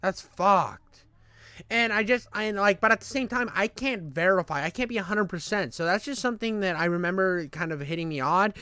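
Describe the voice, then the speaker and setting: Male channel host, casual ranter, swears, restarts often; smooth tone, dry close sound. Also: high-pitched, a little fast, hardly any pauses, sharp tone, no room sound. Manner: profane, rambling, restarts a lot. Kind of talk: casual ranting monologue.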